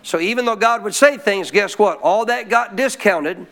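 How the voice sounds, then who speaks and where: High-voiced pastor preaching to a congregation. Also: male voice, moderate pace, vocal fry, fairly bright tone. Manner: calls out questions to the congregation. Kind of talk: sermon. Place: church.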